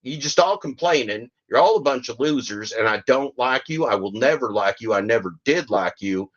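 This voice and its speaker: A man putting on a smug, scornful gig-driver video maker in a slow, mocking voice. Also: medium pitch, animated, dull audio, lightly acted. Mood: sneering.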